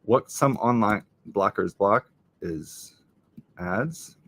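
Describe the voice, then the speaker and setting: Slow, low-voiced man muttering crossword clues. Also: animated, fairly bright tone. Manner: reads clues aloud and mutters guesses. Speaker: livestream host solving a crossword. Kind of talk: casual live-stream puzzle solving.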